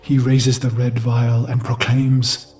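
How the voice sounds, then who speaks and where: A haunted, vengeful warlord, voiced by a man, broods over his past in a slow, measured monologue. His voice sits at an ordinary pitch, grave rather than booming. Quiet music plays underneath. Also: completely flat delivery, lightly acted. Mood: brooding. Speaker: narrator of a memory. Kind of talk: game cutscene narration.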